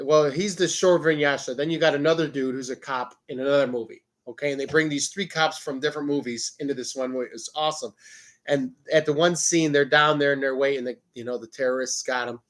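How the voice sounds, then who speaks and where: Male show host, slightly high voice, casual rambling monologue, profane, interrupts himself often. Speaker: podcast host.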